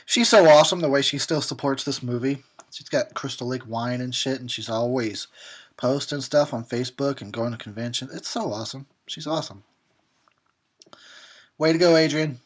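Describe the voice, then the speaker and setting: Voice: medium pitch, moderate pace. Drunk horror host rambling over a movie, swears a lot, keeps cracking up. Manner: profane, rambling, often laughing.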